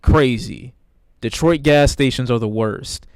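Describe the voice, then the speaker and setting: A man's voice: medium pitch, measured pace, darkish tone, dry recording, studio quality. A man streaming live, reacting to videos with blunt, profane, rambling commentary in a casual way.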